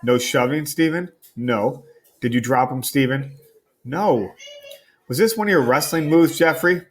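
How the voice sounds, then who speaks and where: A man voicing a suspicious, overprotective mother firing accusing questions at her son, with a husky tone. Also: medium pitch, measured pace, lightly acted.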